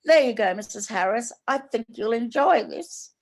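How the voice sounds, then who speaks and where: A woman with an Australian accent voicing a polite male waiter on a train, formal and smooth. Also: on the high side, expressive, moderate pace.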